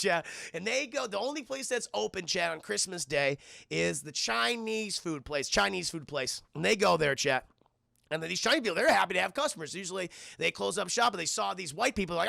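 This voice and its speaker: A man's voice: high-pitched, expressive, moderate pace, vocal fry, sharp tone, no echo, clean studio sound. A man streaming a casual, profane film recap, rambling and constantly addressing his chat.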